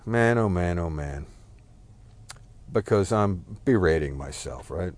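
A man with a very deep, low voice talks alone in a personal monologue. He rambles and circles back on himself. He puts himself down, lets slip a curse, and says sorry for it. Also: expressive, slow pace, darkish tone. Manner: rambling, self-deprecating, swears and apologizes.

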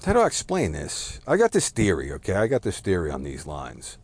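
A man's voice: deep voice, huge pitch swings, a little fast. A man talking through a rambling, self-deprecating personal monologue, swearing now and then and apologizing for it.

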